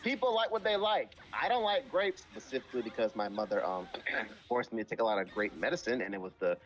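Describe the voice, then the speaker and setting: Man, live stream chat, blunt and profane, emphatic, very lively intonation. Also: mid-range voice, fairly quick, highs cut off. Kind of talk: casual chat.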